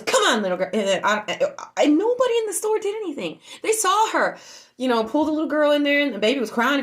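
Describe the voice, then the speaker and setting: A woman streaming casually to her online group, shaken, repeating herself, swinging from loud outbursts to low murmurs. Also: big pitch swings, fast talker. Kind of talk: emotional casual storytelling.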